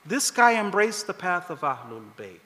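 A man preaches a sermon, animatedly telling a story and acting out the voices of its characters. His voice is high-pitched at normal speed, and a long hall reverb surrounds it.

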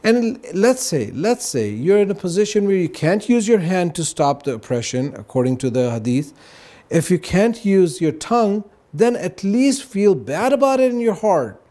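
Earnest man with a mellow voice. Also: high voice, very animated, moderate pace. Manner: earnest, explanatory, peppered with "right?" and "you know". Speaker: guest on a religious talk show. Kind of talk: casual explanatory talk.

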